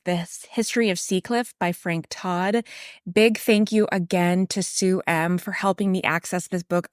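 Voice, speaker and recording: A woman with a fairly low voice narrates a true crime history podcast from a prepared script. She slips in casual asides and the odd stumble. The sound is close and dry, with no room behind it. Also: no room sound. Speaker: podcast host.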